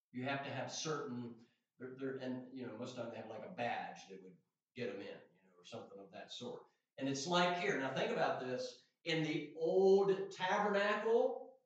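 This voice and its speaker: A man's voice: a little high, a bit bright. Man teaching Sunday school in an echoey room. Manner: conversational, often checks in with "right?" and "all right?"; reads scripture aloud in slow, deliberate emphasis. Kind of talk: Bible lesson. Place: church classroom. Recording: echoey room, distant mic, dull sound.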